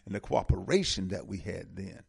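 A man's voice: low voice, animated, normal speed, gravelly, a little mellow, breathy edge, dry recording, clean studio sound. A man hosting a casual political talk show, speaking with passion and often repeating words as he builds momentum. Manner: impassioned, repeats words when fired up.

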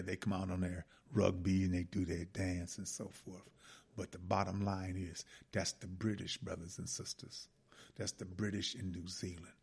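A man's voice: deep voice, vocal fry, breathy edge. A man hosting a radio talk show, giving impassioned, preachy commentary and addressing listeners as brothers and sisters.

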